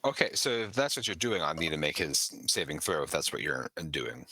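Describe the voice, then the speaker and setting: A man's voice: extremely low pitch, very animated, a little fast, pushed and bright, no echo, poor audio. A man running a tabletop game as game master, giving descriptive, dramatic narration.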